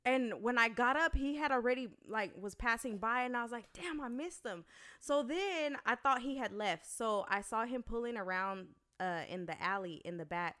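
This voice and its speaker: A woman's voice: fairly high pitch, normal speed, few pauses, pushed and bright, clean tone. A young woman co-hosting a casual chat show, telling a story animatedly and swearing freely. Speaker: podcast co-host.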